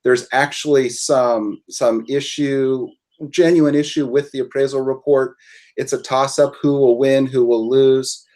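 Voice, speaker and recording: A male attorney guest on a webinar with a mid-range voice. He talks in a measured way, laying out legal outcomes step by step in plain conversation. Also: mid-range voice, steady tone, darkish tone.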